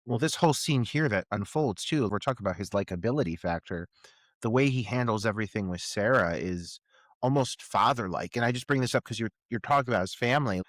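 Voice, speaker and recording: A man's voice: fairly low pitch, a little fast, dry recording, studio quality. Thoughtful male podcast co-host. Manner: thoughtful, analytical commentary with filler words. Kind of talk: casual film-discussion chat.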